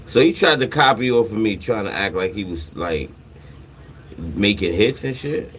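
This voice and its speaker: A man's voice: lowish voice, normal speed, husky. A man hosting a livestream, casually retelling a dispute with lots of swearing and acted-out back-and-forth. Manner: animated, swears freely, retells conversations. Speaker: livestream host. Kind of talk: casual profane storytelling.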